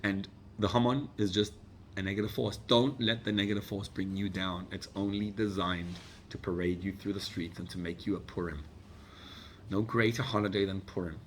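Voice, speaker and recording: A man, a rabbi, preaching a sermon with animated swings from loud urgent exhortation to hushed intimacy, mixing in Hebrew and Yiddish phrases. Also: sits low, moderate pace, a little hiss or hum.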